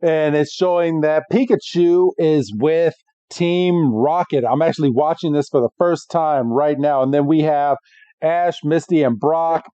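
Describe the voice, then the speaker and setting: A man's voice: on the high side, steady tone, warm tone, clear, resonant tone, no room sound. A man co-hosting a podcast, chatting casually and describing a preview he is watching for the first time. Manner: slow, laughs easily, narrates while watching. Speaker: podcast co-host. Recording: dull, dry lo-fi mic.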